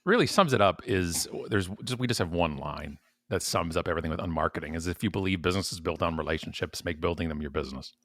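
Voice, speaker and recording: A man guest in a podcast interview, telling stories in an animated, emphatic way and repeating words when he gets worked up. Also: deep voice, fast, hardly any pauses. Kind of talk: conversational interview. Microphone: podcast mic at home.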